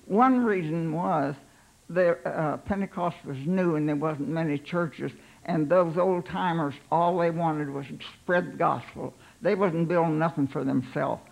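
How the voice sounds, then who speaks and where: An older woman, a pastor's wife, telling her life story in an unhurried, halting way, voicing her own thoughts aloud. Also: low-pitched, gravelly, darkish tone, poor audio.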